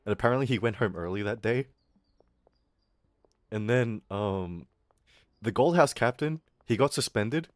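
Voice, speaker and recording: A man's voice: fairly low pitch, expressive, a little slow, long pauses, no echo, clean studio sound. A man streaming live and telling a story in a rambling, profane way, full of fillers. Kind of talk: casual storytelling on a livestream.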